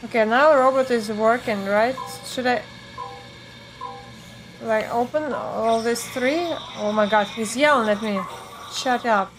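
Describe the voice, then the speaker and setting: A woman's voice: fairly high pitch, measured pace, slight background noise. A woman giving let's play commentary, talking to herself in a jumpy way and swearing at the game. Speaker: gameplay streamer.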